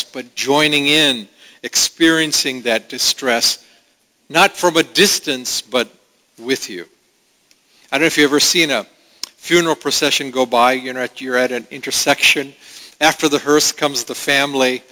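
A man preaching a sermon as pastor, earnest and conversational, with halting restarts. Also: fairly high pitch, sharp tone. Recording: long hall reverb.

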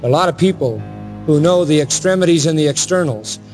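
Impassioned preacher in a reverberant hall. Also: male voice, expressive, a little fast, a little mellow. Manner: impassioned, rising to emphatic high peaks. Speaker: pastor. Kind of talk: sermon. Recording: long hall reverb with faint music.

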